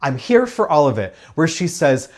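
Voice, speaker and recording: A man's voice: on the high side, sing-song, moderate pace. A man giving a casual spoken review of a TV episode, emphatic and opinionated, with sarcastic, dismissive asides. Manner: emphatic and opinionated, acts out quoted lines.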